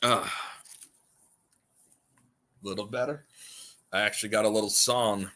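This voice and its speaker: A man's voice: lowish voice, fairly even intonation, a little slow, pauses often, bright, forceful tone. A man hosting a livestream in rambling, casual chat, repeating his points emphatically. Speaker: livestream host.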